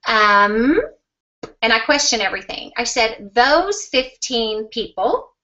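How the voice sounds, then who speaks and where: A woman telling a personal anecdote in a lively, animated way, acting out what people said. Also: medium pitch, unhurried. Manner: lively, animated retelling with acted-out quotes. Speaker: speaker sharing a personal story. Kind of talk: storytelling anecdote. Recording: dull, slightly distant sound.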